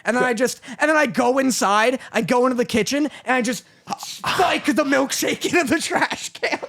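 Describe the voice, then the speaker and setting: A man's voice: very high-pitched, moderate pace, vocal fry. A man co-hosting a podcast, telling a story in casual chat, acting out the other people in it and laughing often. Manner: animated, acts out others' voices, laughs often. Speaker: podcast co-host.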